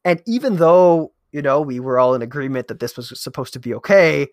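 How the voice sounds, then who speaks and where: A man's voice: fairly high pitch, animated, fairly quick, dry recording, clean studio sound. A man who runs a tabletop role-playing game, chatting casually and telling a story from his table with some hesitant restarts. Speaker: game master. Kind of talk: casual conversation.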